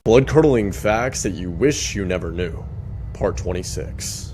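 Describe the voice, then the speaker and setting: A man's voice: lowish voice, animated, a little slow, darkish tone, slight background noise. A man reading out a list of grim facts as scripted narration, with a dramatic delivery.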